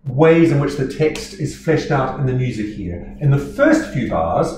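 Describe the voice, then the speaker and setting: A man's voice: medium pitch, sing-song, measured pace, roomy sound, background noise. A man with a New Zealand accent teaching singers German pronunciation from home, patient and explanatory, sounding out each word. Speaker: choral conductor and teacher. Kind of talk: instructional talk on choral diction.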